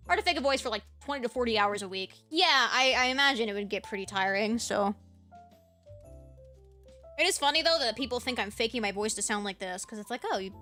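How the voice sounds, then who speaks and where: A woman streamer chatting casually with viewers, projecting from her diaphragm with lively inflection despite a sore throat. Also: a little high.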